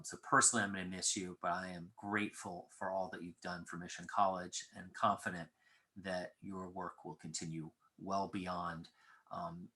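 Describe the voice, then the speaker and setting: A man, a college president, giving an earnest, measured tribute speech to a retiring colleague. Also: deep voice, bright, forceful tone. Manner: earnest, measured, with frequent fillers.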